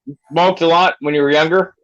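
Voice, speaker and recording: A man's voice: on the high side, fairly even intonation, a little fast, over a noisy crowd. A man in his fifties calling in, telling crude joking stories with lots of swearing. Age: 50s. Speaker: caller. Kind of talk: casual profane chat. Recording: dull dry call line.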